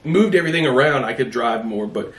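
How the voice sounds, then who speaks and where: Speaking at a fairly quick clip in a mid-range voice, a male podcast host chats casually in an echoey room. He's an animated storyteller, acting out the lines of his family members as he goes.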